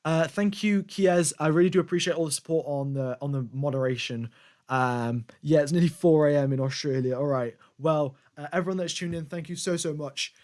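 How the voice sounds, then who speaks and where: Man, slightly high voice, casual live-stream race commentary, rambling and conversational. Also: brisk, darkish tone. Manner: rambling and conversational, thanking viewers.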